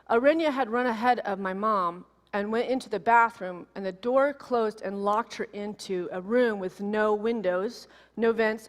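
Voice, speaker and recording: A woman minister in her forties giving a sermon, telling a personal story in an animated, emotional way. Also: fairly high pitch. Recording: long reverb of a large hall.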